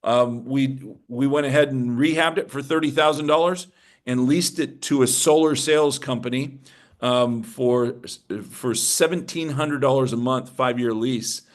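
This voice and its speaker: A man teaching a room of investors in a lively, emphatic seminar style. His voice sits at an ordinary middle pitch for a man. He keeps pulling listeners in with rhetorical questions and punchy points. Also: measured pace. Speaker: real estate investing instructor.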